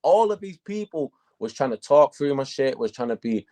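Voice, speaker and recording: A man, a battle rapper, telling stories in a casual interview, profane and animated. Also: medium pitch, normal speed.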